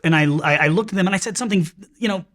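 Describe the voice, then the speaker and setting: A man's voice: high voice, very fast, a bit bright. A man hosting a podcast, talking earnestly in casual chat, rambling with restarts and fillers. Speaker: podcast host.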